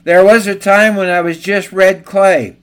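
Man doing a sad little talking teacup, kinda plaintive, a bit high. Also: steady tone, a little slow, fairly bright tone, smooth. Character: talking teacup recalling its painful making.

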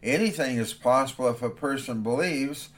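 A man voicing Jesus as a calm, commanding male teacher in a sermon reading. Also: mid-range voice, moderate pace, lightly acted.

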